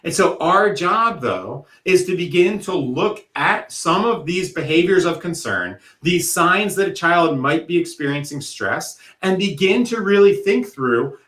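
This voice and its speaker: A man giving a workshop presentation in an earnest, conversational way, slowing down to stress key points. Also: a little high, fairly bright tone, reverberant. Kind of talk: recorded presentation talk.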